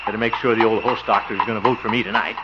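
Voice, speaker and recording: A man's voice: fairly low pitch, steady tone, rapid-fire, background noise, natural voice. An actor playing a bumbling, eager small-town man in a 1940s radio comedy, flustered and chuckling nervously. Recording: dull old radio recording.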